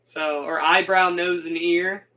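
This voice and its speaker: A young man rambles through a casual game recap, animated and quick to laugh. His voice sits high and bright. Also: poor audio. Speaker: gaming video host.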